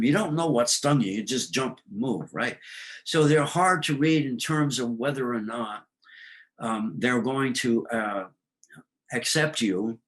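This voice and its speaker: A man's voice: mid-range voice, a bit bright, poor audio. A man talking about astrology as a guest, in a loose storytelling way with many fillers. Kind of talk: casual explanatory talk.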